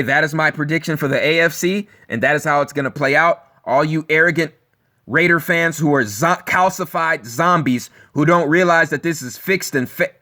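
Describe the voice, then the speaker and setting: A man with a somewhat high, bright, forceful voice delivers a scornful video rant. He repeats himself for emphasis, taunts his listeners and swears freely. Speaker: channel host. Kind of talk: ranting video monologue.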